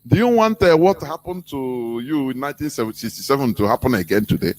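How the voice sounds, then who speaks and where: A man's voice: mid-range voice, animated, fairly quick, darkish tone. A man with a Nigerian English accent giving an impassioned political talk as a radio host, full of rhetorical questions. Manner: preaching, rhetorical questions, acts out quoted voices.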